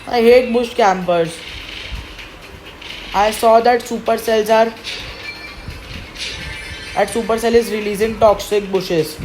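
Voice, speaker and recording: A woman's voice: fairly high pitch, steady tone, slow, long pauses, darkish tone, faint music behind, poor audio. A woman commentating her own gameplay, frustrated and complaining as she plays. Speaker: gaming commentator.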